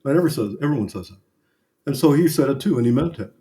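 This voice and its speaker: A middle-aged man speaks as a guest in a relaxed interview. His voice is mellow and warm, with an ordinary middle pitch. He tells stories about his own past mistakes in an earnest, self-critical way. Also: fast talker. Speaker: business consultant, podcast guest. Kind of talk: candid conversational storytelling.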